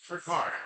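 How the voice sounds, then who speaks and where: A man calling bingo numbers, drawing each call out slowly and tossing in quick, playful joking asides. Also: high voice, sharp tone, slight background noise. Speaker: bingo caller.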